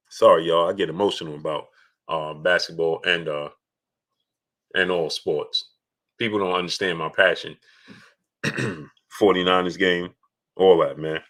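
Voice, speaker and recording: A man hosting a casual live stream, halting with many fillers and pauses as he reads viewer messages. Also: sits low. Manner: halting, many fillers, bursts of excited yelling at a game. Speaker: live stream host reading super chats.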